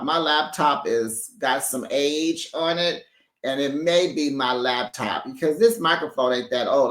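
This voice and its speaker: A recap YouTuber chatting casually about a reality show, laughing often and talking with lively slang into a microphone held back from the mouth. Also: mid-range voice, echoey room. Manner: laughs often, gossipy and animated, uses slang. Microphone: USB microphone held back from the mouth.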